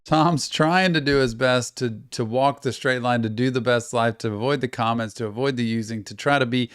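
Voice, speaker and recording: A man's voice: medium pitch, moderate pace, fairly bright tone, smooth, dry recording, clean studio sound, soft background music. Thoughtful male reaction host. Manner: thoughtful, explanatory, counselor-like. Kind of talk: casual commentary.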